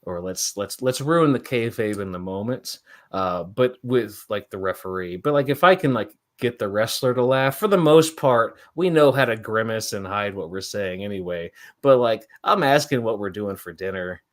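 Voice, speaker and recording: A man's voice: on the low side, animated, normal speed. A man in his thirties, a wrestler guest chatting casually and laughing often through rambling stories. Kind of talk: casual chat.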